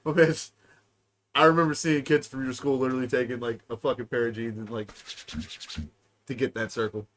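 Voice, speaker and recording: A young man co-hosting a podcast, laid-back and firing off quick reactive quips. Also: medium pitch, level tone, a bit bright, a little hiss or hum. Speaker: podcast co-host. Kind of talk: casual chat.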